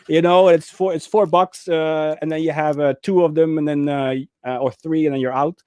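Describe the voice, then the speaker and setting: A movie talk show co-host tells stories with high energy in a casual film chat, acting out scenes in raised voices. His voice is fairly high and clean, at a normal speed, with no room sound.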